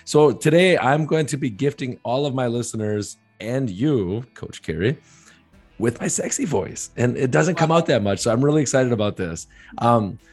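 A man hosting a podcast interview, talking in a chatty, joking, eager way with a hoarse, rough voice. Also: mid-range voice, expressive, normal speed, faint music behind. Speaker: podcast host.

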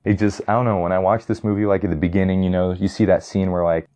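Young adult male, casual fan commentary, low mellow voice, rambling and eager, lots of "like" and "you know". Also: level tone, fast. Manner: rambling and enthusiastic, many fillers and restarts. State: getting tired. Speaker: vlogger ranking movies. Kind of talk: casual chat.

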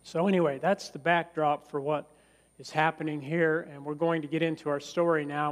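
A man's voice: fairly high pitch, long reverb tail. A male pastor preaching a sermon in a church, emphatic and acting out quoted lines.

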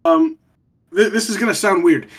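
A man's voice: high-pitched, sing-song, moderate pace, vocal fry. A man telling a long rambling story in a casual podcast chat, swearing freely and trailing off with ums.

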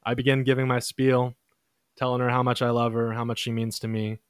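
A young man hosting a podcast, casually telling a long story in a relaxed, chatty way and lifting his voice when he quotes others. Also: medium pitch, fairly quick, clean tone, no room sound, clean studio sound. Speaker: podcast host.

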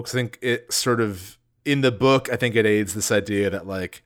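A man co-hosting a casual book podcast, animated and jokey, loosely rambling with lots of fillers. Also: lowish voice, moderate pace, hardly any pauses. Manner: animated, jokey, reads passages aloud. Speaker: podcast co-host.

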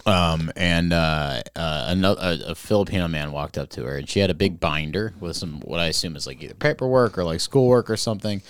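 Deep-voiced man, teasing and profane. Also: brisk, hardly any pauses, clear, resonant tone, dry recording. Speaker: podcast co-host. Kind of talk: casual podcast chat.

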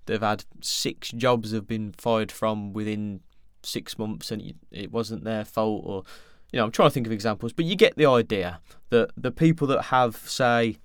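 A young man speaks alone into a close mic, rambling candidly and swearing now and then. His voice is smooth and resonant. The sound is dry, with no room around it. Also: fairly low pitch, normal speed, hardly any pauses, no echo. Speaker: podcast host. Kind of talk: solo podcast monologue.

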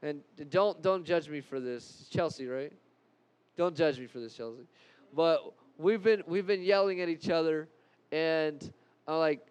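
A man giving an animated anger-management talk to a live group, repeating key points and joking at his own expense. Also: high-pitched, unhurried, rough recording.

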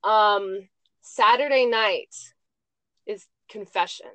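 A woman's voice: medium pitch, slow pace, a bit bright, no room sound. Chatty young woman telling a story. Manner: chatty storytelling, with frequent "like" and "I'm just like". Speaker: podcast host. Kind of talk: casual chat.

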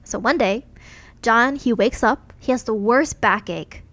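A woman's voice: fairly high pitch, a little slow, fairly bright tone, dry recording. A young adult woman, a podcast co-host, casually retelling a ghost story in a chatty way, full of "like" and "you know.".

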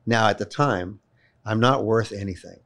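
Brief: man, guest storyteller, animated and emphatic, voice on the low side. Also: moderate pace, creaky. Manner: animated, emphatic storyteller, repeats words when worked up. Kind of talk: personal storytelling in a conversation.

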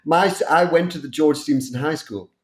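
A man's voice: fairly high pitch, a little fast. A man from Newcastle, co-hosting a podcast in a chatty, jokey way with many restarts. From Newcastle, England. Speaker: podcast co-host. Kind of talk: casual podcast chat.

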